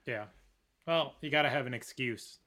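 A man co-hosts a casual history podcast and chips in with joking banter. His voice is bright and forceful, and it sits at a middle pitch. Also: normal speed. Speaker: podcast co-host.

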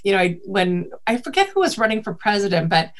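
A marketing and events guest from the Boston area, with a faint Boston accent, chats casually in an interview. Her medium-pitched voice is sing-song and fairly quick, and she rambles with many fillers.

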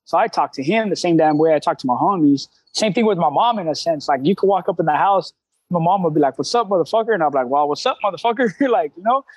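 High-voiced candid streetwise man. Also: lively intonation, quick pace, slightly rough, dry recording, rough recording. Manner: candid, streetwise slang, frequent cussing. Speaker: CrossFit coach, guest. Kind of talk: casual interview talk.

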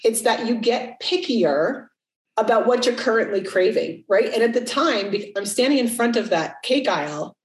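A woman's voice: on the high side, expressive, normal speed. Candid, swearing woman podcaster. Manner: candid, swears freely, acts out quoted voices. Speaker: podcast co-host. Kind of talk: casual podcast chat. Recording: roomy, slightly distant mic.

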